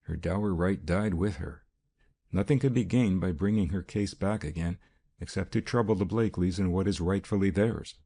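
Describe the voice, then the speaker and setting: A man reading an audiobook, voicing a calm professor detective who explains his case in a measured, assured way. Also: low voice, creaky, slightly rough, exaggerated voice.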